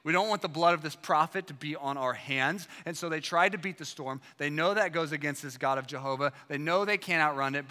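A pastor delivers a sermon in a bright, forceful voice that sits a little high. He presses his points with rhetorical questions, and his words ring with long reverb from a big hall. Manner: emphatic, full of rhetorical questions.

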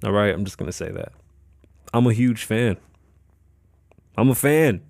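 A man's voice: fairly low pitch, lively intonation, measured pace, vocal fry, a little mellow, no room sound, clean studio sound. Profane, rambling man podcasting solo. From Las Vegas. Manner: loose, profane, rambling with many fillers and restarts. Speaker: podcast host. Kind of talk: casual solo podcast chat.

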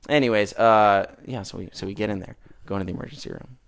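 Gravelly-voiced young man telling a story. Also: lowish voice, quick pace. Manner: rambling, animated, gets loud when telling the punchline. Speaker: podcast host telling a story. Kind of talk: casual storytelling over beers. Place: garage.

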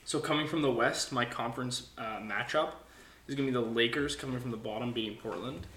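A man's voice: medium pitch, brisk, a bit bright. A man co-hosting a casual sports podcast, rambling through his picks with many fillers and self-corrections. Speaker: podcast co-host. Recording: echoey room, faint noise.

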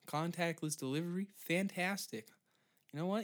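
Twenty-something dude ranting solo, swears a lot, sarcastic, mid-pitched. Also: male voice, fairly even intonation, fairly quick. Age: 20s. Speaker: podcast host. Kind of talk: solo comedic rant.

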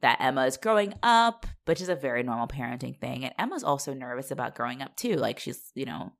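A woman co-hosting a casual podcast recap, animated and laughing, acting out characters in quick voices. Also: a bass voice, vocal fry. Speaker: podcast co-host recapping a TV show. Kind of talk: casual chat.

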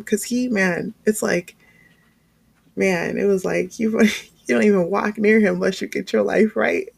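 A woman giving a sermon-style testimony, telling her story in a lively way with frequent laughs and fillers. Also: medium pitch, normal speed, gravelly, husky. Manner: animated storytelling, laughs often, many fillers. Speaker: speaker sharing testimony.

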